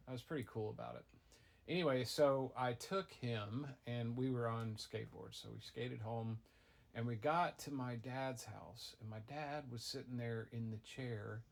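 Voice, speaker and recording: A middle-aged man, a father improvising a goofy tall tale for his child, rambling with deadpan asides. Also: mid-range voice, vocal fry. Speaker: father telling a bedtime-style story.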